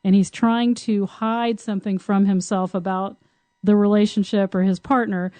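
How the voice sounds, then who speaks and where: A woman's voice: medium pitch, level tone, normal speed, mellow, dry recording. A woman co-hosting a podcast who talks frankly and laughs often in casual conversation. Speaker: podcast co-host, tantra teacher.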